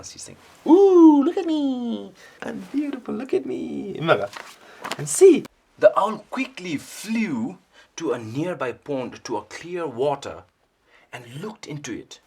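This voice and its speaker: A man reading a picture book aloud to children, animated and stopping often to ask them questions. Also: mid-range voice, measured pace, husky. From Bhutan. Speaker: storyteller.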